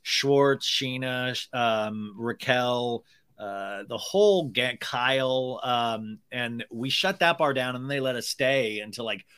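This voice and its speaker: Animated, bright-voiced man telling stories. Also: mid-range voice, slow pace, smooth. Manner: rambling, animated storytelling with many restarts. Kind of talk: casual chat.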